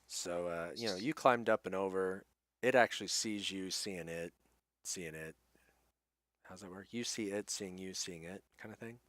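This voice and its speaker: Very deep-voiced man running a tabletop game. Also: a bit bright, no echo. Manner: unhurried, hesitant with many fillers. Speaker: game master. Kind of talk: narrating a tabletop game session.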